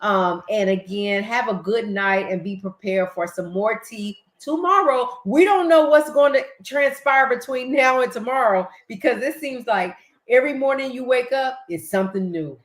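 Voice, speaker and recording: An older woman with a Southern US accent, hosting a casual late-night live-stream chat, excitable and quick to laugh. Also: a little high, echoey room, rough recording. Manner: chatty, excitable, laughs easily. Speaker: livestream host.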